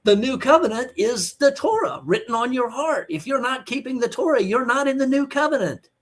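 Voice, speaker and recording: A man's voice: very high-pitched, animated, fairly quick. A man giving an online teaching sermon, emphatic, blunt and scolding as he presses his point. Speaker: Bible teacher.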